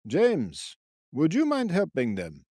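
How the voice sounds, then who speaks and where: Brief: a man playing an odd old woodsman sentry, croaky and cracked, slow and chirpy, dry audiobook read. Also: on the high side, wildly swooping pitch, darkish tone, no room sound, voice pushed up, heavily acted. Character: wiry old male forest sentry, odd and theatrical.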